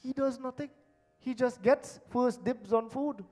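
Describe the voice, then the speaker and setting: A man preaching a sermon at a temple, stressing words strongly and dropping to hushed, low phrase endings. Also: measured pace. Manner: emphatic, swinging between loud stresses and hushed low endings. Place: temple hall.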